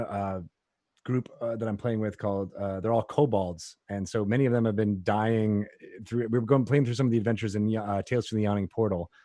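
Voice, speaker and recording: A man chatting as a roundtable guest, halting with many fillers. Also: on the low side, mellow, no room sound, clean studio sound. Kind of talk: casual chat.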